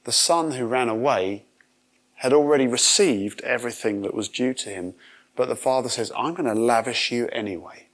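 A man's voice: medium pitch, normal speed, fairly bright tone. A man giving a conversational sermon, acting out quoted voices as he retells a parable. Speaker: preacher.

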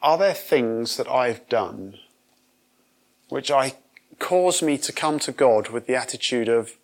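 A man's voice: mid-range voice, animated, takes it slowly. A man giving a conversational sermon, acting out quoted voices as he retells a parable. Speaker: preacher.

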